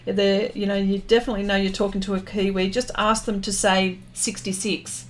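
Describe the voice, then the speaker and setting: A woman's voice: mid-range voice, flat delivery, a little fast. An Australian woman, a pastel artist, chatting casually with her viewers during a live stream as she paints, thanking them and reading their comments aloud.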